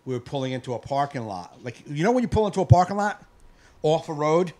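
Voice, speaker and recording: A man co-hosting a live podcast, ranting in casual chat, profane and fired up, with bursts of yelling. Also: a little high, very animated, fast talker. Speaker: podcast co-host.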